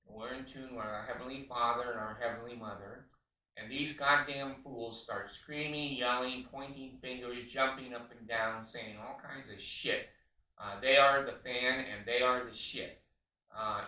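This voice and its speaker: A man's voice: mid-range voice, sharp tone. A man in his late seventies, a counselor giving blunt spiritual advice with profanity and many fillers. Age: 70s. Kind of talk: spiritual self-help monologue. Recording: echoey room, far from mic.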